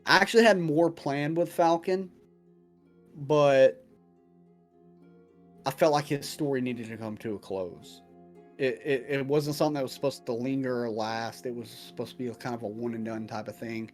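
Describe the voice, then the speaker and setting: A man's voice: mid-range voice, normal speed, soft background music. Casual, profane man answering questions. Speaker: dungeon master answering viewer questions. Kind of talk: casual chat.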